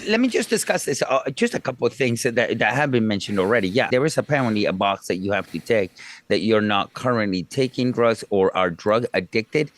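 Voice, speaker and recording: A man who came to America from abroad, co-hosting a casual political chat podcast in a wry, measured way, making his points one at a time. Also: lowish voice, expressive, dry recording. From outside the US, immigrant. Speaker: podcast co-host.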